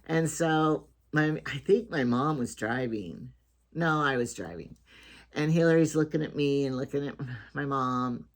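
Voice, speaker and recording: A woman's voice: a bass voice, a little slow. Older lady rambling on her home talk show, chatty, keeps restarting. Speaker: vlogger host.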